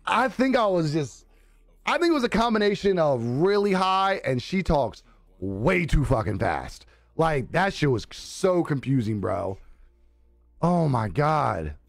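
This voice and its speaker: A man live streaming, telling a story in casual chat, animated and laughing often, acting out the voices he quotes. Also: fairly high pitch, unhurried, creaky, dry recording.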